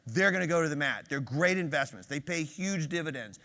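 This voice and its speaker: Older man giving an energetic conference keynote. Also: a little high. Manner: energetic, quizzes the audience with quick questions. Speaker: keynote speaker. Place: large conference hall. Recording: hall reverb on a stage mic.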